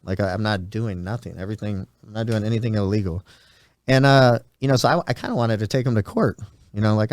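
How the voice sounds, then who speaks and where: A man's voice: lowish voice, a little mellow, clear, resonant tone, no echo, clean studio sound. A podcast host in his forties telling a story in a rambling, casual way and acting out the voices of people he quotes. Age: 40s. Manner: rambling, acts out quoted dialogue.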